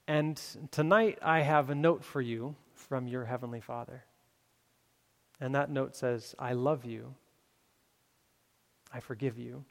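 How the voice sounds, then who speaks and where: A man's voice: medium pitch, gravelly. A man preaching a sermon, telling a story with many fillers and restarts before making his appeal. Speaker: pastor. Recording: long hall reverb.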